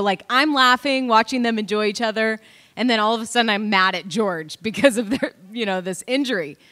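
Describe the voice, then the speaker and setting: A woman's voice: mid-range voice, bright, forceful tone. A woman in her thirties, casually telling a family story with many fillers. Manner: chatty, lots of fillers like "like" and "you know". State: pregnant. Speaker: mother sharing a family story.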